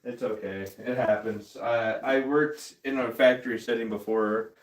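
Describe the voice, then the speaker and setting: Male stream host, mid-range voice, slow and laid-back, chatting casually while he works. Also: mid-range voice, fairly even intonation. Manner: slow, easygoing, talks to chat while working. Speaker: livestream host. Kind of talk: casual livestream chat.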